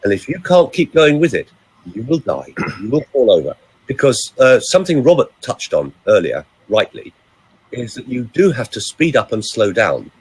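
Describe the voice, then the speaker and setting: Animated, lively male vocal coach. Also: mid-range voice, moderate pace, breathy edge, rough recording. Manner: lively, animated storytelling with varied pace. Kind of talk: casual storytelling chat.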